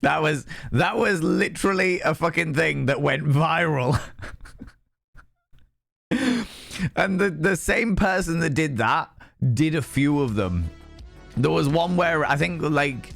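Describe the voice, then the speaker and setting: Chatty, cussing streamer. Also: male voice, fairly high pitch, lively intonation, takes it slowly, creaky, long pauses, no room sound, clean studio sound, faint music behind. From Yorkshire, England. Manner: chatty and swearing, greets viewers warmly by name. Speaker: livestream host. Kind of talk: casual live-stream chat.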